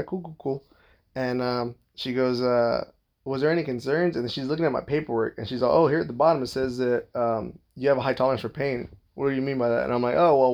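A young man with a gravelly, fried edge to his mid-pitched voice tells a personal story in loose, rambling fashion. He swears constantly and cracks jokes as he goes, keeping it crude and offhand. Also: a little mellow. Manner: profane, rambling, joking. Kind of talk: casual storytelling.

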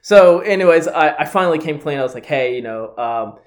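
Young guy, a bit higher voice, loose casual storyteller who laughs through his anecdotes. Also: expressive, a little fast, hardly any pauses. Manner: chatty, swears freely, laughs through his stories.

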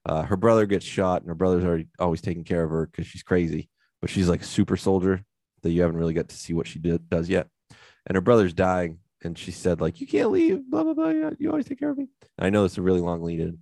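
Deep-voiced man in casual podcast banter. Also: level tone, quick pace, a little mellow, no room sound, studio quality. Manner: loose, profane storytelling, acting out scenes. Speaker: podcast co-host. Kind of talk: casual chat.

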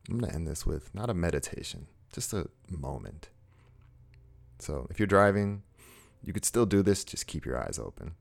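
Very deep, gravelly man giving earnest motivation. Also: big pitch swings. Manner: earnest, slow and emphatic, repeating short phrases. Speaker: self-help speaker. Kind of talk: motivational monologue to viewers.

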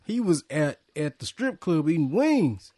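A man hosting a casual chat, animated and joking with loud laughs. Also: on the high side, a little slow. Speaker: podcast host.

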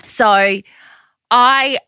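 A woman's voice: fairly high pitch, drawn-out words, smooth, no echo, studio quality. A woman guest on a casual podcast, telling a story with lots of laughs and acted-out quotes. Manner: animated storyteller, acts out quotes, laughs often.

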